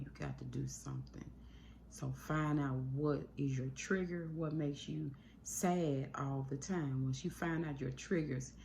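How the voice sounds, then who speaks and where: Her voice rumbles low, creaky and darkish, as she talks earnestly to her phone camera at home about coping with loss. The YouTube host rambles and keeps shifting her pace, and a little background noise comes through.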